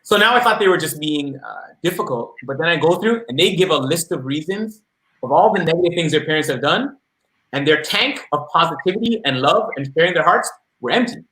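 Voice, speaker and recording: A man's voice: fairly high pitch, lively intonation, a little fast, sharp tone. A man talking casually about working with kids and parents, telling anecdotes and acting out what people said. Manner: anecdotal, acts out quoted voices. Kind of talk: casual discussion. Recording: roomy echo.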